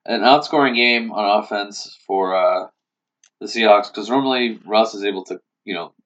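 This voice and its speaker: A man's voice: lowish voice, normal speed, fairly bright tone. A man co-hosting a sports podcast, breaking down games in a hesitant way with frequent "uh" and "you know". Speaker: podcast co-host. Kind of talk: casual sports analysis. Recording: dull lo-fi podcast audio.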